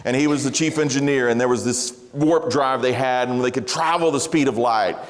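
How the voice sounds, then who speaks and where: A man's voice: medium pitch, brisk. A man preaching a sermon in an earnest, conversational way, with light self-deprecating humor. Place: large church sanctuary. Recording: long hall reverb.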